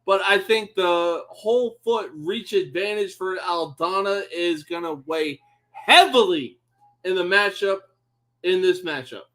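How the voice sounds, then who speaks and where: A man commentating a fight on a live stream, swearing and yelling at the fighters in exasperation. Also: high-pitched, a little slow.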